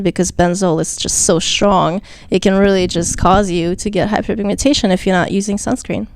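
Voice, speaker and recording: A woman's voice: lowish voice, a little mellow, clear, resonant tone, dry recording. A young woman with a slight non-native accent, explaining skincare casually as an interview guest, chatty and full of fillers. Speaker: esthetician guest.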